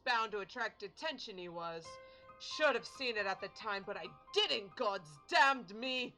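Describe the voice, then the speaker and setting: A woman voicing game dialogue as a gruff male sea captain with a put-on Cockney accent, swearing and using rough slangy grammar. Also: a little high, bright, forceful tone, rough recording.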